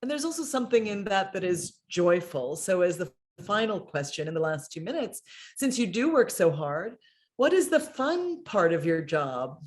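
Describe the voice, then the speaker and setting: A woman's voice: fairly low pitch, big pitch swings, moderate pace. A woman hosting and moderating a conversation over a video call. She speaks thoughtfully, with many fillers. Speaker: host, moderator. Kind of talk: casual conversation.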